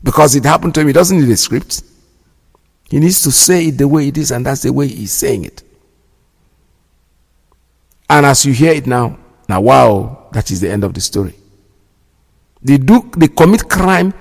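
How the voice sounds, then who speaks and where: A man's voice: mid-range voice, animated, normal speed, gravelly, pauses often. A man hosting a radio show, giving indignant, preachy commentary and repeating himself for emphasis. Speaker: radio host. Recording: long hall reverb.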